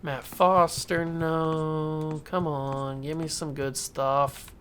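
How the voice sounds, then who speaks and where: A man's voice: on the high side, flat delivery, extremely slow, a bit bright, slight background noise. A man casually commenting while playing a baseball video game, talking to himself and coaxing the game. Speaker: gaming YouTuber. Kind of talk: casual let's-play commentary.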